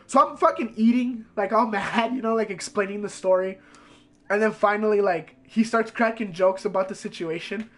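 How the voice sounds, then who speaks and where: A streamer with a high male voice tells a story loosely, swearing constantly. His delivery is animated and rambling, packed with fillers. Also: normal speed. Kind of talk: casual storytelling.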